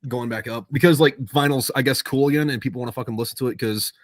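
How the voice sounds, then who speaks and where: A man's voice: mid-range voice, fast talker, no echo, studio quality. A man hosting a podcast in casual chat, swearing freely and explaining things at length. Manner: loose and profane, explains at length. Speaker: podcast host.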